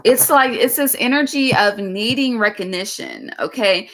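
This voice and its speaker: Over some background noise, a woman with a fairly high voice delivers a laid-back tarot reading at a moderate pace. She's frank and talkative, addressing listeners as "baby" and tacking "okay" onto almost everything she says.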